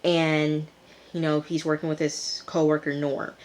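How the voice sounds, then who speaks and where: A woman's voice: deep voice, little pitch movement, a little slow. A woman recapping and reviewing a TV episode in a chatty, rambling way, recorded on a hand-held phone. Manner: chatty, rambling, with frequent fillers. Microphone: phone camera held in hand.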